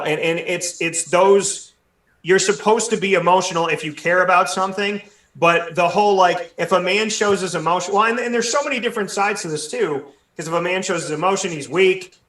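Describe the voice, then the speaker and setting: A man hosting a sports talk show, speaking in an animated way with many restarts. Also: high voice, a little fast, echoey room, recorded from a distance. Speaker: sports radio show host. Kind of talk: casual discussion, hosting.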